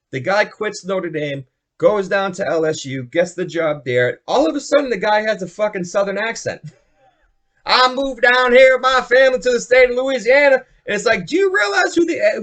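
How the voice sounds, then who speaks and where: A young man hosting a solo podcast, ranting about sports in a profane, rambling, excitable way. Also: a little high. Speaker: podcast host.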